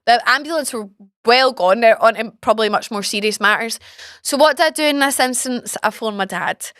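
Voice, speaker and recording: Young woman host, chatty storyteller, pitched a little high, dry close sound. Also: brisk, no echo. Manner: chatty, animated, swears freely. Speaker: podcast host. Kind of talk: casual storytelling chat.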